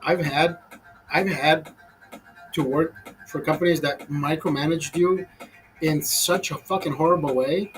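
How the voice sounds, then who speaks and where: Profane, fired-up man with a high voice. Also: fairly even intonation, measured pace, long pauses, faint music behind, low-quality recording. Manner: profane, fired-up, talks to viewers as brother. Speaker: host. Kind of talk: casual rant over a beer.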